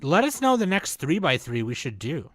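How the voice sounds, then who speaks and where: A man's voice: on the high side, very animated, normal speed, a bit bright, no echo, clean studio sound. A man hosting a podcast in casual chat, joking and laid-back. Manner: joking, laid-back, says dude a lot. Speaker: podcast host.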